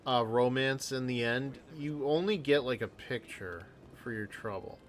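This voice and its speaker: A man's voice: medium pitch, a little slow, slight background noise. A man in his thirties who rambles, full of fillers, while streaming a game at home on a desktop microphone. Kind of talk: casual gameplay commentary. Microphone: desktop microphone with headphones.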